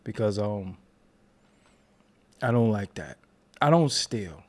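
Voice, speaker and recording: A man's voice: on the low side, animated, darkish tone. Tired, rambling man hosting a stream. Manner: loose, rambling, playful, with drawn-out repeats. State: tired, yawning. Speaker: YouTube commentary host. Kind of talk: casual live-stream chat.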